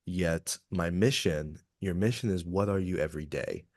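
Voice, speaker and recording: A deep, darkish-toned man from Kentucky, USA, speaks at a normal pace as a guest on a podcast interview. He's an executive coach, earnest and reflective, open about his feelings, and the recording is dry and studio-clean.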